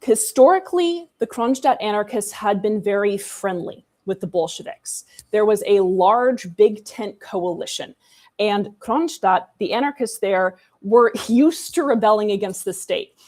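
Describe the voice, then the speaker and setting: A woman's voice: medium pitch, expressive, unhurried, darkish tone. A woman co-hosting a casual history discussion, chatty and irreverent, with sarcastic asides. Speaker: co-host.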